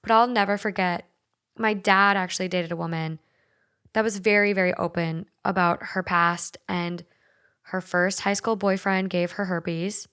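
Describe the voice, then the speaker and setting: A young woman with a light Minnesotan accent hosts a podcast, chatting casually, swearing freely, and reading listener stories aloud. Her voice is on the low side, steady, and smooth, a bit bright, at a measured pace.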